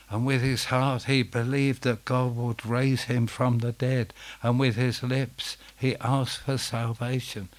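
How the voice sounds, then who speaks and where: Slow, deep-voiced male preacher. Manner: dramatic storytelling, swinging from hushed to loud. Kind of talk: sermon.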